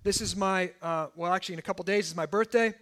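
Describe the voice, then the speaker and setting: A man in his thirties preaching a sermon in a church, telling personal stories in an animated way and often asking "okay?". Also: sits high, fast. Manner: animated storytelling, asides like "okay?". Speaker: pastor.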